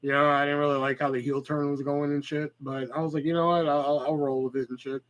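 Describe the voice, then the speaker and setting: A man's voice: fairly high pitch, little pitch movement, quick pace, a bit bright, highs cut off. A man in his thirties hosting a casual solo podcast, rambling and profane with lots of fillers and stutters. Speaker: podcast host.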